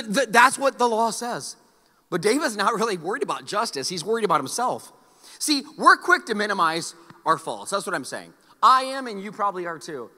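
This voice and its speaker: A male pastor preaching a sermon, animated, with joking asides and repeated phrases. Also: high voice, long reverb tail. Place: church sanctuary.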